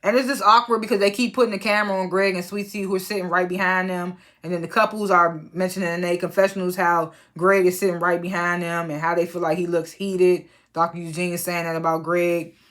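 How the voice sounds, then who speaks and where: A woman's voice: on the low side, level tone, fast talker, hardly any pauses, fairly bright tone. A woman casually recapping a reality TV episode, chatty and slangy, with lots of fillers and exasperated asides.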